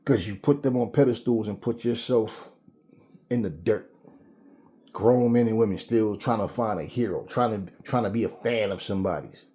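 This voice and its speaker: A man's voice: lowish voice, moderate pace, mellow. A man giving a blunt, profane, angry rant to the camera, repeating words when heated. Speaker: commentator.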